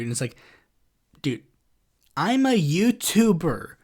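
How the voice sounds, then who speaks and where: Exasperated sarcastic man ranting, lively pitch. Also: measured pace, breathy edge. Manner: exasperated, sarcastic, full of "like" and "it's like". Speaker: podcast host. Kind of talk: casual ranting monologue.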